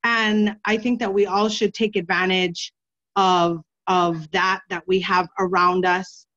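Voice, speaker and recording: A woman sharing on a team video call, earnest and encouraging, with halting restarts. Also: medium pitch, flat delivery, fairly bright tone, dull audio.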